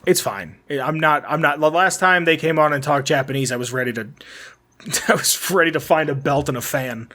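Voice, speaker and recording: A young man with a slightly high voice co-hosts a relaxed podcast chat. He reads out game trivia in a loose, rambling way, tripping over words and laughing at his own slips. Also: normal speed. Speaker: podcast co-host. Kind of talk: casual chat.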